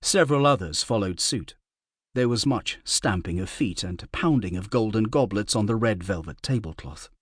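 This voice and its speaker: A man narrating a fantasy audiobook in a wry, measured storytelling manner. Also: lowish voice, animated, slightly rough, no echo, studio quality.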